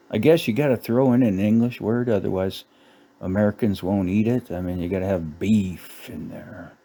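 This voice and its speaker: A man's voice: lowish voice, normal speed, dark tone. A middle-aged man ranting sarcastically about a menu, cursing and laughing at his own jokes. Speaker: channel host. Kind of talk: casual ranting commentary.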